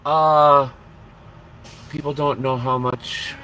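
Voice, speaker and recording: A man from Minnesota talks from inside his truck, with faint road ambience around him. His voice has a bright, sharp edge shows through. He chats in a blunt, profane, self-deprecating way. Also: medium pitch, animated, unhurried, slight background noise, poor audio. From Minnesota, USA. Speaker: trucker live-streamer. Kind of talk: casual live-stream chat.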